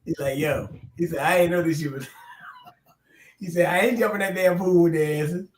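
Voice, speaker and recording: A middle-aged man spins a profane, animated story in loose conversation. His voice sits a little high for a man. The sound rings around an echoey room. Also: moderate pace, slight background noise. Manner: animated, profane, laughs through his stories. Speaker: podcast co-host. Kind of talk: casual storytelling chat.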